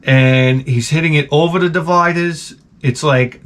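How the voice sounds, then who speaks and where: A man's voice: a little high, a little slow, a bit bright, a little hiss or hum. A man hosting his own channel, telling rambling, profane comic stories in a casual rant. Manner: rambling, profane, self-interrupting storyteller. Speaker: channel host.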